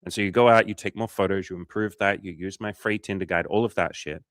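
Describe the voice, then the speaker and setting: A man's voice: sits low, steady tone, quick pace, dry recording, studio quality. An Australian man, a dating coach, chatting casually on a livestream, swearing often and acting out little scenes.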